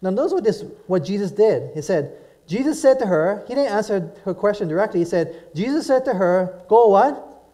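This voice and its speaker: A man's voice: sits high, very animated, a little fast, dark tone. A middle-aged man from Hawaii preaching a sermon in a casual, conversational way, often putting questions to his listeners. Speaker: pastor.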